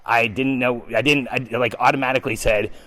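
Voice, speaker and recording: A man hosting a podcast, telling a story in an animated, excitable way with frequent ums. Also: medium pitch, fairly quick, no room sound, poor audio. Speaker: podcast host. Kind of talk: storytelling monologue.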